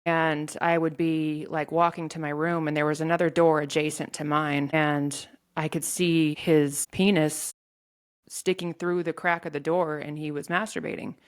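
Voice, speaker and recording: A woman telling a painful personal story in an interview, in a halting way with many restarts. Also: sits low, little pitch movement, clear, resonant tone. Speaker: guest sharing her story.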